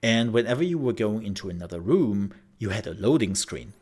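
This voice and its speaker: Low-voiced man telling game stories. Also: a little fast, slightly rough. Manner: animated storyteller who laughs and acts out scenes. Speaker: gaming channel host. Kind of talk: casual commentary over gameplay.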